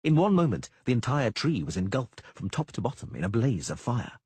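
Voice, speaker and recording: A man narrating an audiobook in a husky voice, shifting into character voices. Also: mid-range voice, sing-song, a little fast, a little mellow, no room sound.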